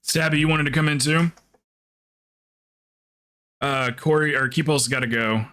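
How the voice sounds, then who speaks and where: A man's voice: a little high, unhurried, pushed and bright. A man streaming a game, chatting casually with viewers in a rambling, joking way and swearing freely. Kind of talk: casual live-stream chat.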